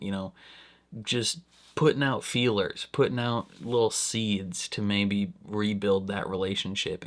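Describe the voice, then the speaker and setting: A man hosting a casual TV reaction, rambling with lots of fillers and sudden animated bursts. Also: lowish voice. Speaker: reaction channel host.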